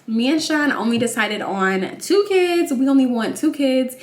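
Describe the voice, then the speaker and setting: Young woman vlogger, chatty and loose, slightly raised pitch, recorded in a reverberant home room. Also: lively intonation, normal speed. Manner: chatty, informal, says "like" and "y'all" constantly. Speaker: vlogger, new mother. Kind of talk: casual chat while doing makeup.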